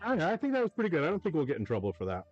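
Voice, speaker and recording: A man's voice: fairly high pitch, huge pitch swings, very fast, muffled recording, soft background music. A man producing and co-hosting a live stream, joking wryly, with some swearing. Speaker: producer and co-host. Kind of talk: casual chat on a live stream.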